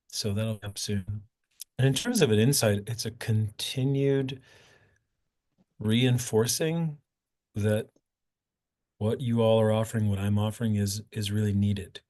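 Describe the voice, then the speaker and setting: A man's voice: fairly low pitch, warm tone. A man who works as a coach, speaking as a podcast guest on a video call, thoughtful and searching for words. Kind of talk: casual panel talk.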